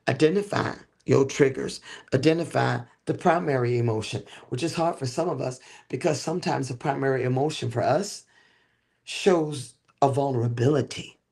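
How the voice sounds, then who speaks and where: A man's voice: on the high side, gravelly, a little mellow, husky. A man hosting a livestream teaching talk, with a preacher-like cadence, drawing out key words and checking in with listeners. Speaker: host.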